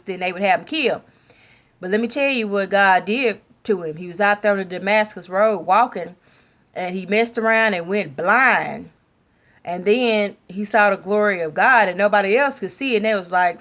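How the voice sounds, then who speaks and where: A woman's voice: medium pitch, fairly bright tone. Woman giving a candid, emphatic testimony. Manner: slow, drawn-out emphasis, candid and personal. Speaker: testimony speaker. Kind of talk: sermon-like personal testimony.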